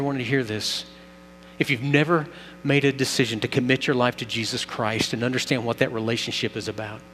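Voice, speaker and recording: A man's voice: medium pitch, a bit bright. A man preaching a sermon as pastor, telling a story earnestly and building emphasis. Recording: long reverb, faint mains hum.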